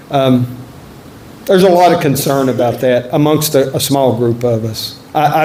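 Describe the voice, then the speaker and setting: A man's voice: mid-range voice, darkish tone, slight background noise. A man, a politician speaking at a town-hall event and taking questions in a blunt, folksy, joking way. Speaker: politician answering audience questions. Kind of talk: campaign town-hall speech and Q&A. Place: event room at a resort. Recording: echoey room with faint ambience.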